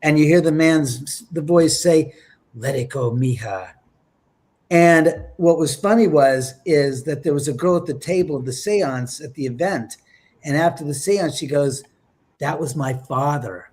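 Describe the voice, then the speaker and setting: A man with a slightly high voice recounts his experiences as an interview guest. He tells it with a lot of life, acting out quotes, exclaiming and sometimes dropping to a whisper. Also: measured pace, a little mellow. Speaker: paranormal investigator guest. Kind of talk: animated storytelling in an interview.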